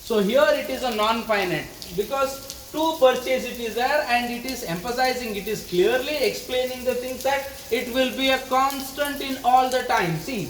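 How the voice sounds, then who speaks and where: A man with an Indian accent, teaching a grammar lesson, slowly repeating example sentences word by word. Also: very high-pitched, a bit bright, slight background noise. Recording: roomy echo.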